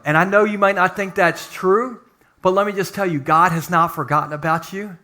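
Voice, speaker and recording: A man preaching a sermon as pastor in a church, dropping from loud calls to hushed near-whispers. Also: high voice, steady tone, fairly quick. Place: church sanctuary.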